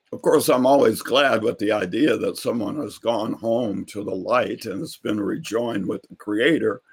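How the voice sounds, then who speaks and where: A man telling a personal story, slow and earnest, with a husky grain in his voice. His pitch moves a lot, rising and falling as he recounts it. He sounds reflective throughout.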